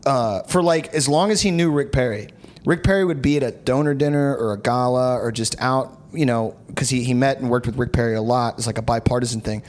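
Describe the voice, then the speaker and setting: Young man, mid-pitch voice, rambling casual podcast storyteller, lots of fillers. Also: fairly quick, darkish tone. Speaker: podcast host. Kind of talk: casual comedic chat.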